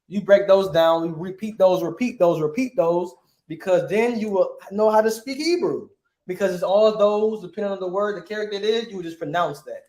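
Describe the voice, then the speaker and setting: A man's voice: high-pitched, fairly quick, dark tone, roomy sound. A man teaching a lesson, asking rhetorical questions and punctuating points with emphatic asides. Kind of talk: classroom lesson.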